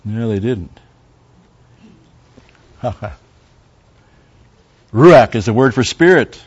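A man's voice: medium pitch, lively intonation, drawn-out words, breathy edge, lo-fi sound. A man preaching a verse-by-verse sermon as a Bible teacher, talking conversationally, stopping for Hebrew word study and making wry asides to the congregation.

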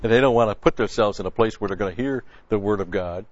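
A man's voice: on the low side, fast talker, no echo, dull audio. A man preaching a conversational sermon, folksy and blunt, quoting scripture and restarting his sentences often.

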